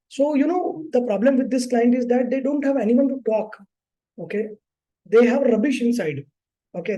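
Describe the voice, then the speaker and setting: A man with an Indian English accent teaches a psychology course in a loose, conversational way. His voice sits high, with a dark and mellow tone. He keeps checking in with his students. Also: poor audio. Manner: informal, repeats "okay" and "right", acts out clients. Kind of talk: live online class teaching.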